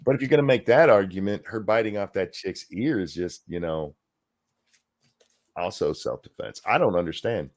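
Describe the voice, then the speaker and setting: A man co-hosting a podcast, reading news articles aloud in a deadpan way and breaking off for dry asides. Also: low voice, moderate pace. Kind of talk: casual news commentary.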